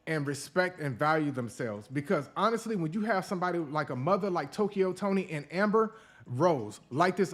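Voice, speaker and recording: Blunt, profane male podcast host. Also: on the high side. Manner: blunt, profane, animated rants. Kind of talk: casual opinion commentary.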